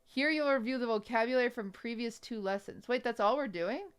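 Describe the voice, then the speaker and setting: Female streamer with a slightly high, clean voice, chatty and thinking aloud. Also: fairly quick, clean tone. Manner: chatty, thinks aloud while clicking through a lesson. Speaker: livestream host. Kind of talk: casual livestream chat.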